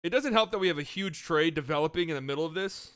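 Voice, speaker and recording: A man with a high, smooth, resonant voice hosts a casual online mock draft. He drifts between quiet mumbled asides and loud mock-announcer calls, talking into a desk mic. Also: fast talker. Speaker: host running a community mock draft. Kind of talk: casual livestream chat with mock announcer bits.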